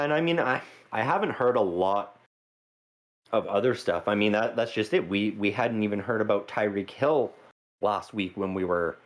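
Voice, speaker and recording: A man co-hosting a casual sports podcast, calm and explanatory, with fillers. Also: lowish voice. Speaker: podcast co-host.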